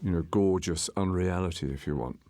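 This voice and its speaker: A man, the film's director, giving a measured, explanatory audio commentary with small restarts as he walks through scenes. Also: deep voice, dark tone, no echo. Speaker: film director.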